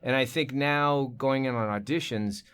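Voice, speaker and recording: An animated male voice actor chatting as a guest, mid-pitched and conversational. He tells stories eagerly and drops into little voices and impressions. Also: moderate pace, smooth. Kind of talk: casual interview chat.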